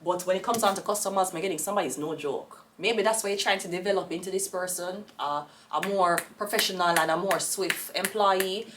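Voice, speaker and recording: A woman's voice: lowish voice, a little fast, few pauses, distant mic, background noise. A Jamaican woman giving a casual tarot reading, rambling and blunt, with profane outbursts. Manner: rambling, blunt and profane, with sudden loud rants. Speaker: tarot reader.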